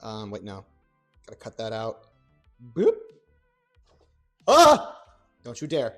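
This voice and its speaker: A young man chatting on a cooking livestream, rambling and excitable, with playful exclamations and restarts. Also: fairly low pitch, normal speed. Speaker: streamer. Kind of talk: casual cooking livestream chat. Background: faint background music.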